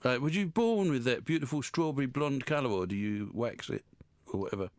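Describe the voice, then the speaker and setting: This radio host talks in a medium-pitched voice that's animated and a little fast, recorded dry. He banters with his studio guests in a rambling, teasing, self-mocking style, all jokey and live.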